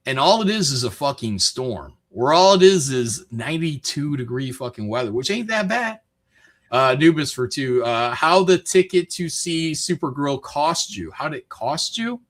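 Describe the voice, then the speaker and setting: Man host from Michigan, somewhat high, bright voice, rambling swearing rants in loose chat. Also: lively intonation, moderate pace. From Michigan, USA. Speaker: streamer host. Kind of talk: casual chat.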